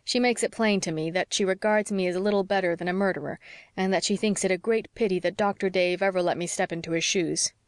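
A woman reading the part of a patient young male doctor, calm, measured and wry. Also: lowish voice, dry recording, studio quality, natural voice.

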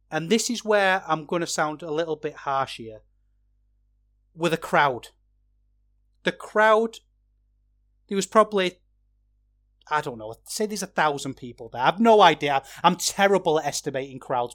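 A man hosting a podcast, giving a rambling, opinionated wrestling review that gets animated when he is worked up. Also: on the high side. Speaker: podcast host.

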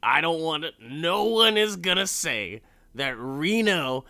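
Blunt, defiant male gambler with a bright, clear tone voiced by a man. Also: a little high, big pitch swings, slow, no room sound, voice pushed up, heavily acted.

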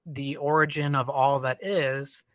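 A man's voice: medium pitch, steady tone, a little slow, fairly bright tone, no echo, studio quality. A young man in a debate, explaining his view hesitantly and restarting his sentences as he thinks aloud. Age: young adult. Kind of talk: casual spoken argument.

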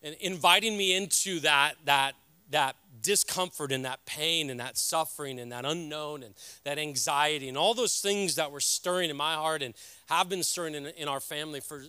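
Earnest pastor, bright forceful voice. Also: male voice, on the high side, smooth, dry recording. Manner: earnest, halting, heartfelt. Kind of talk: sermon.

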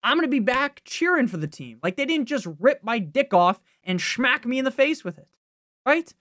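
A young man hosting a fantasy football podcast, ranting casually with profanity and sudden loud outbursts of frustration. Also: extremely high pitch, very animated, moderate pace, dry recording, studio quality.

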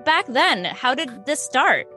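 A woman's voice: high-pitched, big pitch swings, takes it slowly, bright, forceful tone, faint music behind. A woman hosting a podcast, asking encouraging follow-up questions in a casual interview. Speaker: podcast host.

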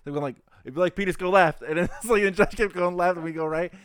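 A man's voice: high voice, quick pace, fairly bright tone. A man chatting casually, often laughing while adding details to a friend's story. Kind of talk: casual chat.

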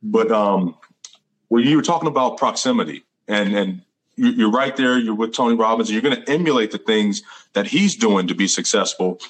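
Low-voiced man hosting an interview. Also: lively intonation, moderate pace, rough recording. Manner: affirming, thoughtful, with fillers. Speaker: podcast host. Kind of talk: conversational interview.

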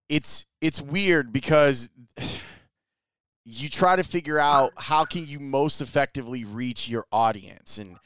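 A man's voice: mid-range voice, fairly bright tone, smooth, dry recording. A man hosting a podcast, talking casually and often repeating words as he thinks. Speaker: podcast host. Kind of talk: casual interview and host-read ad.

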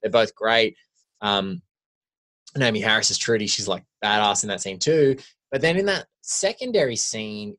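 A man's voice: fairly low pitch, normal speed, fairly bright tone. Film podcast co-host, a man who rambles and keeps restarting with lots of "like". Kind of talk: casual film chat.

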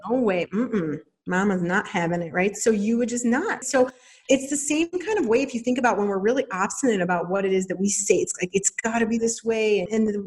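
A woman in her thirties hosting a podcast, talking casually and animatedly, acting out little quoted voices as she explains. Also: medium pitch. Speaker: podcast host. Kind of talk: casual teaching monologue.

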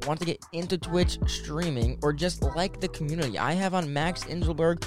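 A young man hosting a new podcast, chatting casually and excitedly, cursing and using lots of fillers. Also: a little high, normal speed, over music. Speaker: podcast host.

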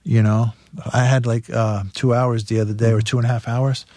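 A man's voice: mid-range voice, flat delivery, normal speed, warm tone, no echo. A man, a guest musician, telling wild road stories in casual chat, swearing freely and laughing as he goes. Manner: profane, laughing as he tells stories. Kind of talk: casual storytelling.

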